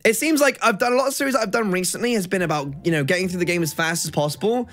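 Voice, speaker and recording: A man co-hosting a casual game playthrough, animated and quick to laugh, hyping up the viewers. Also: sits high. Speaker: co-host gamer. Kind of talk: casual let's-play chat.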